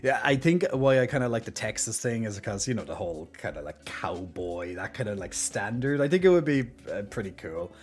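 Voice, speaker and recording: Irish guy rambling on a stream, lowish voice, lots of likes and ums, faint music behind. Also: expressive, a little fast, hardly any pauses. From Ireland. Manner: rambling, lots of fillers, swears casually. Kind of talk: casual chat with viewers.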